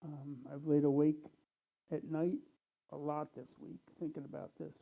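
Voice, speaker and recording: Man, tired, plainspoken, pausing often; thin phone-like sound. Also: fairly high pitch, level tone, creaky. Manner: unhurried, plainspoken, with many pauses and ums. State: tired, low energy. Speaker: church speaker. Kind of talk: casual talk to a congregation.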